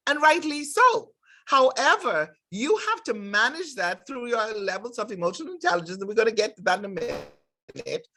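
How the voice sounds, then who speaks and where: A woman's voice: fairly high pitch, bright, forceful tone. A middle-aged woman teaching conflict resolution to nurses, speaking directly and emphatically and acting out short workplace dialogues. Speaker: nursing instructor. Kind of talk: lecture with acted examples.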